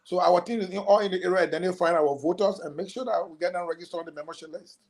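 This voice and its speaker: Male campaign guest on a talk show, higher voice, runs through a list with fillers. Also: steady tone, racing. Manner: listing points, many fillers.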